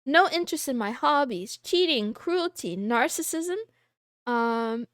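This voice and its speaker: High giggly girl streamer chatting to chat, bouncy voice, dry close sound. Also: lively intonation, a bit bright, no room sound. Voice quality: giggly, playful and quick to laugh. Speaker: VTuber streamer. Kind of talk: casual livestream chat.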